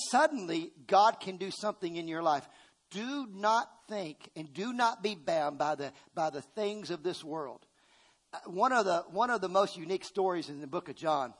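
Emphatic high-voiced male preacher. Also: expressive, moderate pace. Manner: emphatic, swings between loud bursts and hushed asides; calls on the congregation to respond. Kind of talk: sermon.

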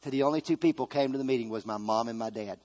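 A man's voice: medium pitch, rapid-fire, darkish tone. A man preaching a sermon, earnestly retelling a story with quoted dialogue.

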